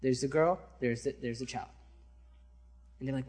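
A man preaching, telling a story in an animated, conversational way and checking in with his listeners. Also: mid-range voice, normal speed, pauses often, breathy edge. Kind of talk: sermon storytelling.

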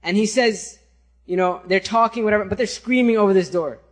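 A man preaching, telling a story in an animated, conversational way and checking in with his listeners. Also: high-pitched, a little fast. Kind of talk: sermon storytelling.

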